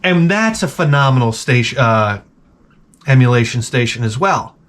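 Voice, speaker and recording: A man's voice: medium pitch, expressive, normal speed, a bit bright. A man hosting his own channel, talking in a rambling, offhand way with lots of fillers and restarts. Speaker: channel host. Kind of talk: rambling casual monologue.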